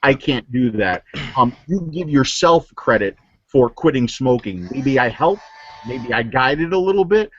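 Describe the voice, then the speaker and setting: An expressive, unhurried man with a medium-pitched voice speaks with no echo, though the highs are cut off. He is a New Jersey vaping reviewer guesting on a casual show via video call, sharing stories earnestly amid many fillers and restarts.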